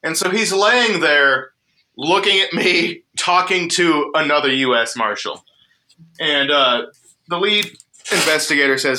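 A man hosts a podcast and tells a story casually, swearing freely and poking fun at himself. His voice is bright and sits a little high. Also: unhurried. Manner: profane, lively and self-mocking. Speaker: podcast host.

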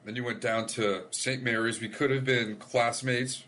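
A man hosting a casual podcast, asking quick questions with playful, joking asides. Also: medium pitch, fairly even intonation, bright, forceful tone, a little hiss or hum. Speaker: podcast host.

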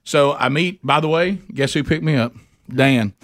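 A man, hosting a radio talk show, telling a story loudly and doing the voices of the people in it. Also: on the high side, moderate pace. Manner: loud and animated, acts out voices of people in his story.

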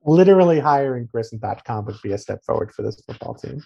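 A man's voice: mid-range voice, expressive, fast, gravelly, mellow, husky, highs cut off. A man hosting a sports podcast in casual chat, sounding incredulous and sardonic as he reads out quotes. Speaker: podcast host.

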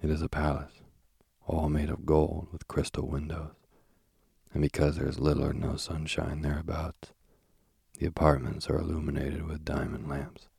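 A man's voice: extremely low pitch, little pitch movement, normal speed, gravelly, a little mellow, husky, no echo, studio quality, exaggerated voice. A man reading the part of a boastful, coaxing male king of the underworld in a storybook.

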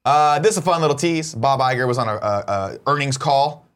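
A man's voice: medium pitch, a little fast, fairly bright tone, clear, resonant tone. A man co-hosting a talk show, chatting casually in a rambling, irreverent way and swearing freely. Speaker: show co-host. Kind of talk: casual chat.

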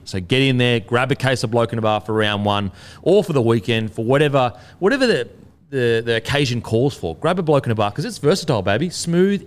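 An Australian man hosting a podcast, moving from a pumped-up sponsor read into casual chat. He teases his co-hosts freely. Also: mid-range voice. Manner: teasing, upbeat promoter. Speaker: podcast host.

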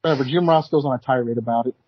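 A man's voice: mid-range voice, racing, slightly rough, no room sound. A man co-hosting a podcast, chiming in with wrestling trivia and quips in casual chat. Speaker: podcast co-host. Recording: dull lo-fi sound.

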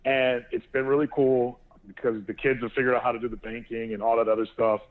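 A man co-hosting a talk show, telling a family story in an animated way and laughing as he goes. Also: medium pitch, fairly quick. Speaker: co-host of a sports talk show. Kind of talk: casual storytelling chat. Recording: tinny phone line.

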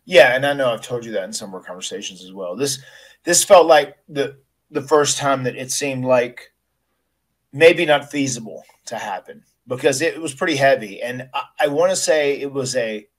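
Man retelling a story, halting. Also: medium pitch, lively intonation. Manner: storytelling, frequent restarts, emotional recollection. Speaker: podcast host, retired wrestler. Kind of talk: casual podcast interview.

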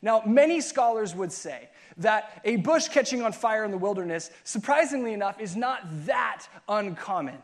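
A man's voice: high-pitched, expressive, moderate pace, hardly any pauses. A man who is a youth pastor, preaching and telling a funny camp story with self-mocking asides and acted-out voices.

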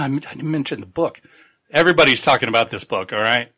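A podcast host with a bright, forceful voice rambles through a book summary. He jokes, swears casually and chats in a loose, friendly tone. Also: mid-range voice, fast talker, slightly rough. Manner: rambling, jokey recap full of laughs and profanity. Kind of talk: casual book-club chat.

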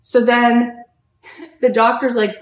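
Animated woman telling a story, echoey room. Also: fairly high pitch, takes it slowly. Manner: animated storytelling, heavy use of "like". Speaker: podcast host and retreat leader. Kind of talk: inspirational talk.

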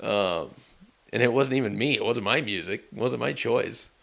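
A man's voice: medium pitch, normal speed, vocal fry, fairly bright tone. A man co-hosting a casual sports podcast, telling stories in an easygoing, rambling way. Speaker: sports reporter and co-host.

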